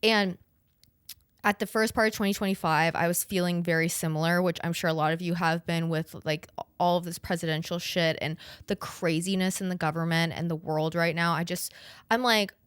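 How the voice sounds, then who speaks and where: A woman's voice: fairly low pitch, steady tone, a little fast, clear, resonant tone, no room sound, studio quality. Chatty, cursing young woman podcast host. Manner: chatty, profane and rambling, full of "like". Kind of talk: casual chat.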